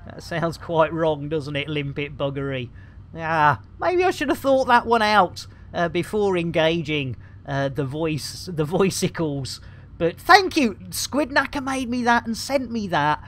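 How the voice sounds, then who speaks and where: A man giving rambling, jokey live commentary while streaming a video game. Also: high-pitched. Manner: jokey, rambling, cheeky innuendo, frequent laughter.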